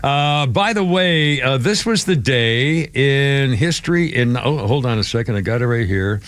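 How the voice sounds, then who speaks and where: A man's voice: medium pitch, expressive, a little slow, a bit bright, no echo. A man hosting a live radio talk show, reading out news items in a rambling, chatty way with lots of fillers and asides.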